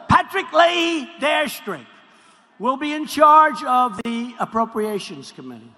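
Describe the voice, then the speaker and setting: A man gives a rambling, mocking rally speech, circling back to the same phrases again and again. His voice sits high and bright and swings widely in pitch. It comes through a podium mic in a big hall, with long reverb and faint noise behind it. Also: sing-song, a little slow. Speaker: political speaker at a rally.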